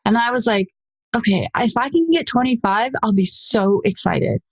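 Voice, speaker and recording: A woman in her forties, a podcast guest, telling her story in a lively, casual way and acting out the voices she quotes. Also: moderate pace, no room sound. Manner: animated, acts out quoted voices with pitch jumps.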